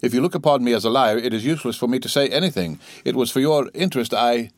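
A man's voice: mid-range voice, fast talker, no room sound, voice pushed up, natural voice. A man reading an audiobook, voicing a proud, touchy male Italian innkeeper who speaks earnestly and insistently. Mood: offended.

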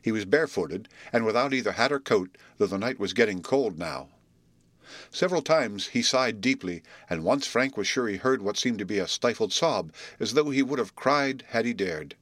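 Low-voiced male audiobook reader. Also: lively intonation, normal speed, a bit bright, dry recording. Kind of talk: storybook narration.

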